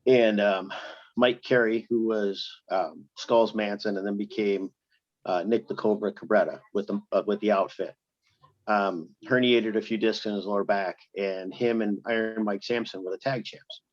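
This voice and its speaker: A man's voice: fairly low pitch, steady tone, normal speed, dry recording, dull audio. A middle-aged man, a veteran pro wrestler, casually telling anecdotes in an interview and laughing at his own stories.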